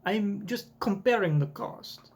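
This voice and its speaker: A man voicing an excitable older genius scientist in a wavering put-on accent while reading a comic aloud. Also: sits high, slow, creaky, slightly rough, voice pushed up, heavily acted. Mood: explaining.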